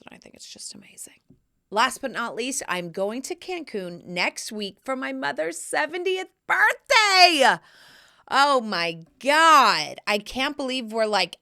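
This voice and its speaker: A woman in her forties hosting a podcast, chatting in a playful, cheeky and expressive way. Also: medium pitch. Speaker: podcast host. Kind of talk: casual solo podcast chat.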